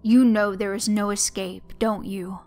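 Woman voicing a big creepy guy monster, slow and taunting, nonchalant, low-key music in the back. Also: steady tone, natural voice. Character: towering sadistic male monster, taunting.

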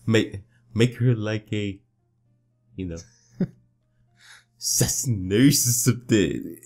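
A man's voice: fairly low pitch, slow, a little mellow, faint music behind. A man co-hosting a game video, teasing his partner and laughing a lot while he comments. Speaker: let's play co-host. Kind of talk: crude comedic game commentary.

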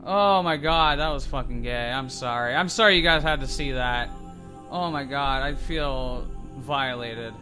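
A young man commentating his own shooter gameplay, excitable and swearing a lot, yelling when he wins. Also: mid-range voice, measured pace, over music. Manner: excitable, swears constantly, yells when winning. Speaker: gaming video creator. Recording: loud game gunfire behind voice. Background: shooter game gunfire and effects.

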